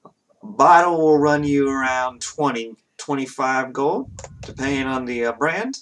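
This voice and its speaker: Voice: medium pitch, animated, a little slow, fairly bright tone. A game master voicing a folksy country waitress with a bad put-on country drawl. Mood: chatty.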